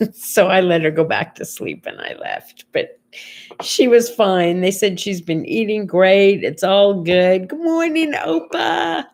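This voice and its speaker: An older woman hosts a casual morning chat show, speaking a little slowly in a low, expressive, darkish voice as she tells stories chattily and quotes people along the way.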